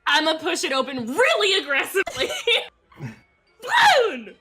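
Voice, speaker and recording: A woman's voice: fairly high pitch, animated, moderate pace, bright, forceful tone. A woman playing a tabletop game in a playful, teasing, giggly way. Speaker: player.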